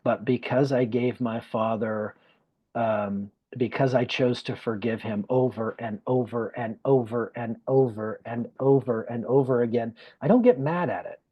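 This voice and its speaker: An earnest man speaking as a podcast guest, telling a heartfelt personal story at a medium pitch. He leans on repetition for emphasis, and his voice stays emotional and sincere throughout. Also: a little slow, slightly rough, muffled recording.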